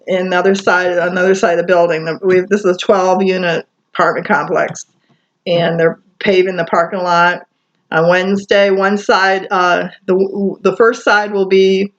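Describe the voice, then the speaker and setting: A woman's voice: lowish voice, flat delivery, measured pace. A woman from Michigan talking alone in her apartment at night, rambling through many fillers and restarts. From Michigan, USA. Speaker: vlogger. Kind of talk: rambling casual monologue. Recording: muffled lo-fi home recording.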